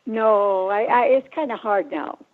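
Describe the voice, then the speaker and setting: A woman in her nineties, calling in to a radio show and chatting sweetly with some gentle teasing. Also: medium pitch, unhurried. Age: 90s. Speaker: caller. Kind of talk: casual phone chat. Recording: phone line.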